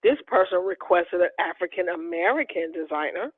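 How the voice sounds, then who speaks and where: A middle-aged woman from Chicago, an interior designer telling stories in a casual interview, animated and acting out the dialogue she quotes. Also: lowish voice, moderate pace, breathy edge, no echo. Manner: animated storyteller, acts out quoted dialogue, laughs often. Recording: tinny dry phone-like line.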